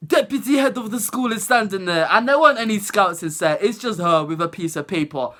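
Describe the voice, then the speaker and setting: A young woman telling a storytime vlog in an animated, laughing way. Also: mid-range voice, fairly quick, hardly any pauses. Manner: animated, laughing, acts out other people's voices. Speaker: vlogger.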